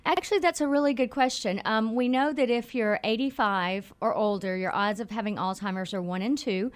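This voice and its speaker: A woman with a Mississippi accent, a nonprofit executive explaining things clearly as a radio guest. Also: on the high side, brisk. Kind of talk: radio interview.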